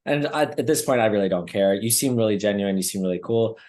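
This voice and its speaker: A man's voice: lowish voice, quick pace, darkish tone. A young man on a podcast, telling a story casually, rambling with lots of fillers and swearing. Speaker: podcast co-host. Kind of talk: casual chat.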